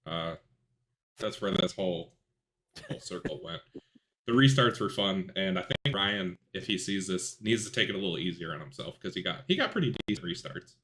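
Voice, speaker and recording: A man hosting a podcast, talking casually about sim racing and telling rambling, animated stories. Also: deep voice, normal speed, a little hiss or hum. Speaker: podcast host.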